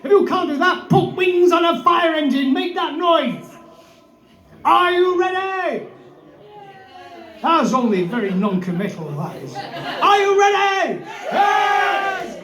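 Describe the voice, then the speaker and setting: Telling a tall tale at a live gig in an indoor brewery venue, a comic singer and storyteller calls out theatrically to the crowd, bellowing asides and inviting audience participation. His very high, sing-song voice is a bit bright, a little slow, and full of pauses, captured with roomy live venue sound.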